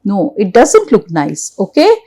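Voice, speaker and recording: A woman's voice: medium pitch, huge pitch swings, unhurried, mellow, slightly rough, low-quality recording. A middle-aged woman with an Indian English accent teaching a grammar lesson, repeating each example and checking in with "okay?". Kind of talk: slide-based grammar lesson.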